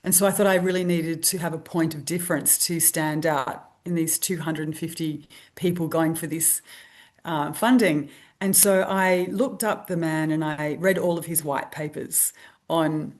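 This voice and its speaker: An Australian woman being interviewed, telling a lively anecdote and acting out the voices of people she quotes. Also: deep voice, moderate pace. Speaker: guest, stress researcher. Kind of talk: storytelling interview.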